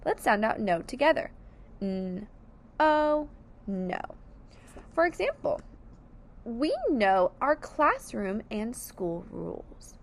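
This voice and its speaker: A woman's voice: on the high side, big pitch swings, slow pace, gravelly, pauses often. A woman teaching phonics to young children, patiently sounding out each word letter by letter.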